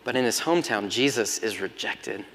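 A man preaching a sermon as pastor, moving between loud emphatic passages and hushed, almost whispered lines. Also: lowish voice, lively intonation, moderate pace, slight background noise. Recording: long hall reverb.

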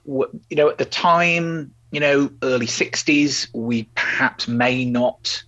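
Talking slowly in a medium-pitched voice that is pushed and bright, this man co-hosts a podcast. The chat is casual and wanders over old television, with lots of fillers and restarts, and the recording is dull.

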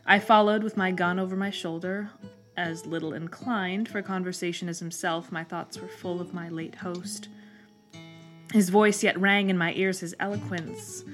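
A woman's voice: fairly low pitch, steady tone, moderate pace, fairly bright tone. Woman reading a story over guitar. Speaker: narrator.

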